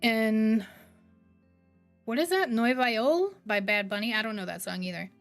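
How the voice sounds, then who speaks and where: A woman in her thirties, a streamer chatting casually with her live chat, rambling between bright greetings and quiet low asides. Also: normal speed, faint music behind.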